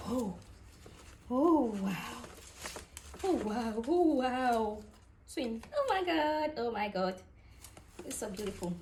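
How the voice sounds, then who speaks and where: High, lively woman vlogger. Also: slow pace, pauses often, slight background noise. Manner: excitable, gushing exclamations. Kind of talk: unboxing vlog.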